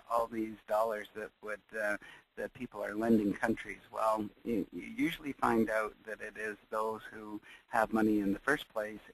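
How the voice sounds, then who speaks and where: A man presenting a webinar lecture, speaking in a measured, searching way with frequent pauses. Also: fairly low pitch, fairly bright tone, poor audio.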